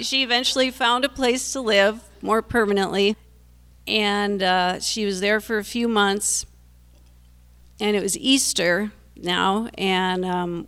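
A woman's voice: lowish voice, gravelly, clean tone. A middle-aged woman telling a personal story to an audience, earnest and anxious, a self-described worrier. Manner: breaks into nervous laughs.

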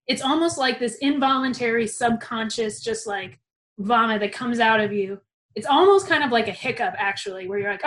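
A young woman tells a personal story with animated, casual energy and a freely swearing mouth. Her voice sits high, and her telling swings between quiet asides and vivid bursts. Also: moderate pace, poor audio.

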